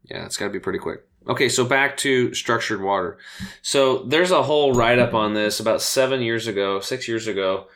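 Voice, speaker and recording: A man, a health coach and interview guest, telling stories in a casual, animated way and acting out the voices of people he quotes. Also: mid-range voice, fairly quick.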